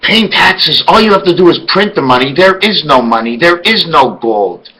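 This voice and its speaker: Man, rambling monologue, rhetorical questions, bright tense voice. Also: a little high, lively intonation, moderate pace, rough recording. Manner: emphatic, fires off rhetorical questions; spells words out letter by letter. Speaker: video blogger.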